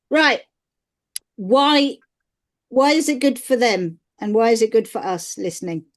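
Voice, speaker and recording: A woman's voice: fairly high pitch, lively intonation, unhurried, long pauses. Chatty woman hosting a podcast. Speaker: podcast host. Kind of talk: casual podcast chat.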